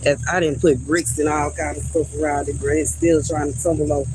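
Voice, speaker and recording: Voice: medium pitch, steady tone, brisk, noisy background. A livestream host chatting casually and frankly with viewers outdoors by a garden, griping and laughing easily. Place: outdoors by a garden on a hot day.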